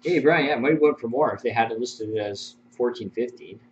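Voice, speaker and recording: A man's voice: mid-range voice, a little fast. A man hosting a live-streamed card break, rattling off card names and serial numbers and chuckling as he chats with viewers. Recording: muffled stream audio with faint hum.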